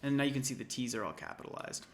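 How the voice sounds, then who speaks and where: A man's voice: mid-range voice, rapid-fire, heavy background noise. A man tutoring an intro programming class, casually thinking aloud and correcting himself as he types through a coding walkthrough. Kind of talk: screen-recorded coding walkthrough. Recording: typing and keyboard clicks behind.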